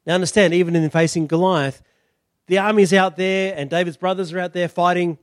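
Male preacher, high voice, animated sermon storytelling. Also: brisk, clear, resonant tone, no echo, clean studio sound. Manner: animated storytelling, acting out characters.

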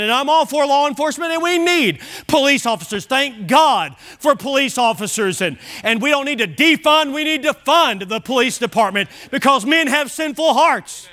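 A man preaching a sermon as pastor, driving points home with shouted emphasis and rhetorical questions. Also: extremely high pitch, lively intonation, moderate pace, hardly any pauses.

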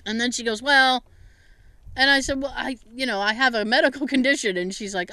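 Animated woman with a bright, clear voice. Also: fairly quick, no room sound. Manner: animated storyteller, acts out quotes in a higher voice. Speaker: podcast co-host. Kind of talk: casual chat, telling a story.

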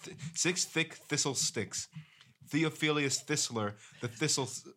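A man's voice: fairly high pitch, measured pace, bright, forceful tone, a little hiss or hum. A man from New York co-hosting a casual podcast, playfully stumbling and laughing through tongue twisters. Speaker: podcast co-host.

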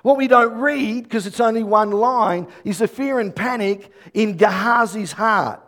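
A male pastor preaching an animated sermon, telling stories and rising to loud bursts. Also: high-pitched, unhurried.

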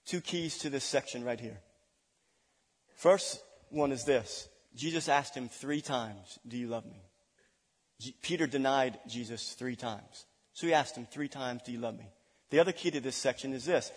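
A man preaching a sermon, dramatic, swinging between loud declarations and hushed asides. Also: medium pitch, normal speed, slightly rough. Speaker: pastor. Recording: long reverb of a large hall.

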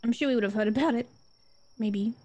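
Mellow-voiced woman playing a tabletop game. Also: fairly high pitch, fairly quick. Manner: casual, hesitant, trailing off. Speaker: player. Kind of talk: in-character role-play chat. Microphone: online call microphone.

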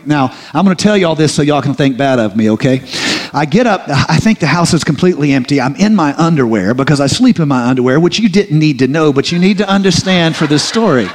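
Preacher with a slightly high voice. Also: male voice. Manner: storytelling preacher, colloquial, repeats words and restarts. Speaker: pastor. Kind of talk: sermon.

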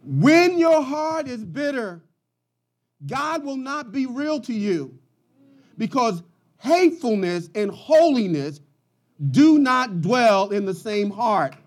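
High-pitched preaching man. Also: sing-song, takes it slowly. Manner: preaching with rising shouts and dramatic swings in volume. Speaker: pastor. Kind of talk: sermon.

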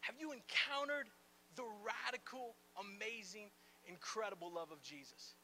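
A man delivers a sermon in a strikingly high voice with a sharp, bright edge. He talks to the congregation in a loose, conversational way, full of playful asides and "like" fillers, and stays animated throughout. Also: normal speed, slight background noise. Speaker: pastor. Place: church gathering in a large room.

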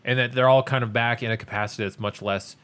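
A man's voice: mid-range voice, steady tone, quick pace, a bit bright, clear, resonant tone. A man co-hosting a casual podcast, explaining movie facts confidently. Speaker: podcast co-host. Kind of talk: casual chat.

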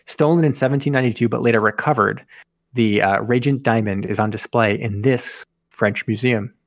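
A man's voice: medium pitch, fairly even intonation, fairly quick, no room sound, clean studio sound. A man hosting a podcast, rambling through movie trivia in casual chat with jokey asides. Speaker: podcast host.

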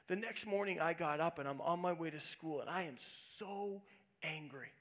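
Gravelly earnest male preacher. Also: fairly high pitch, normal speed. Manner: earnest, swings from hushed to emphatic. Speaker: pastor. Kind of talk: sermon with personal story.

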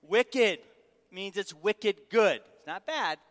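This sermon comes from a middle-aged guest preacher from Syracuse, New York, speaking slowly and with animation. He jokes with and questions the crowd to draw them in, his bright, forceful, somewhat high voice ringing with a long large-hall reverb.

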